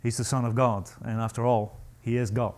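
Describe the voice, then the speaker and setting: A male pastor preaching a sermon to a congregation, emphatic and animated, acting out the voices he quotes. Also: medium pitch, a little fast.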